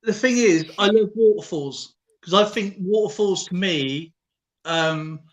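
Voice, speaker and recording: A man's voice: sits high, a little slow, highs cut off. A man hosting a casual live stream chat, rambling and hesitant with many fillers, on a video call from home.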